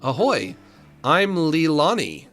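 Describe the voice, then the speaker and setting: A man voicing a bubbly female pirate creature who talks in a high, chirpy pirate lilt full of "ye" and "arr". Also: very animated, slow pace, a bit bright, soft background music, heavily acted. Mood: eager. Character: bubbly pirate woman creature, the captain's wife.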